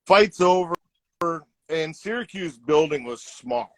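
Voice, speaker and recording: He's a middle-aged man, retired from hockey, telling stories in a casual interview with lively, acted-out quotes. The voice is a little high and slow-paced. The recording has no room sound and is low in quality.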